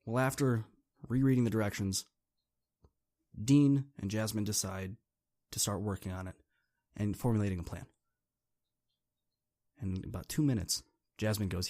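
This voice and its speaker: A man's voice: fairly low pitch, fairly even intonation, normal speed, long pauses, darkish tone. Brief: male podcast host, casual chatty second-person storytelling.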